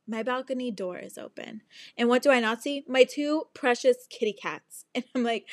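A young woman with a fairly high voice tells a story on her podcast with big, dramatic energy. She swears without a second thought and slips in and out of other people's voices as she goes. The sound is close and dry, with no room around it. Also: normal speed, no echo. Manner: animated and dramatic, swears freely, acts out others' lines. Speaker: podcast host. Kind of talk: casual storytelling monologue.

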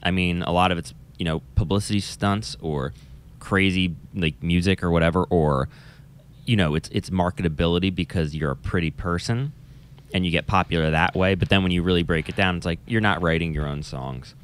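Low-voiced man chatting animatedly. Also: brisk. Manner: animated, swears casually, mimics voices. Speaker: podcast co-host, music teacher. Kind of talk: casual chat.

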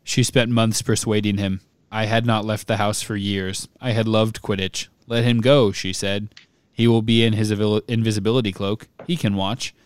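A man reading aloud in a flat monotone as a young male dark wizard confessing. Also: on the low side, moderate pace, smooth, dry recording, natural voice.

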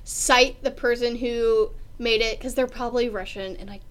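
A woman's voice: on the high side, fairly even intonation, moderate pace, over a noisy crowd. A woman, a playwright chatting casually about writing dialogue, talking in a self-deprecating way. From Southern United States.

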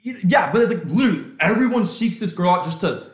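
A man picks apart a film in loose, profane podcast banter, mocking it as he goes. His voice sits a little high and swings widely in pitch. The room around him rings with echo. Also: animated, fast talker. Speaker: podcast co-host. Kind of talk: casual movie review chat.

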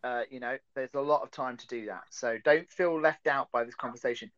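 A man's voice: medium pitch, brisk, fairly bright tone, dry recording, dull audio. A man co-hosting a casual podcast chat, rambling and self-deprecating. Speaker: podcast co-host.

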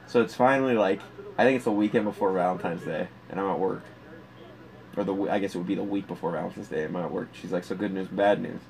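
A man's voice: low-pitched, quick pace. Crude, laughing male storyteller. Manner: crude, animated, laughs through his stories. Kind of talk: casual comedic storytelling.

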